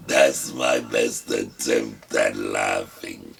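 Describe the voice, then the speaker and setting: Older man with gravelly prosthetic voice. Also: rumbling low, steady tone, fairly bright tone, faint music behind. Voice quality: gravelly, rasping voice-prosthesis speech. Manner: wry, self-mocking, deliberate. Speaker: talk show host. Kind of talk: casual personal storytelling. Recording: distant mic with faint background hiss.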